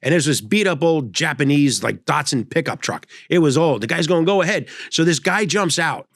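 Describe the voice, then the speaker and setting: A man's voice: fairly high pitch, lively intonation, normal speed, a bit bright, no echo, clean studio sound. An older man hosting a comedy show, telling rambling stories that interrupt themselves. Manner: rambling, self-interrupting storyteller. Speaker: comedy host. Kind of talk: storytelling comedy monologue.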